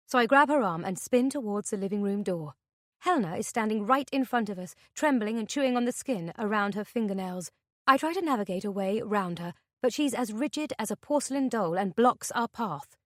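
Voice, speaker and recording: A woman reading a thriller audiobook in the first person, with a tense, measured delivery. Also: a little high, no echo, studio quality. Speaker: audiobook narrator. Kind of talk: scripted narration.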